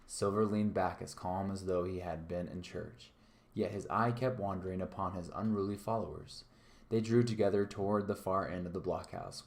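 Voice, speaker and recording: A man, a teacher, reading a novel aloud live, pausing now and then to correct himself. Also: sits low, a little mellow. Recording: echoey room.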